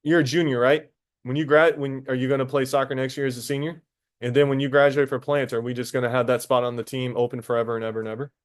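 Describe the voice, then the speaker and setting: A man teaching a high school biology class, casual and talkative, stopping to quiz students directly. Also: flat delivery, fast talker. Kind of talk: classroom lecture.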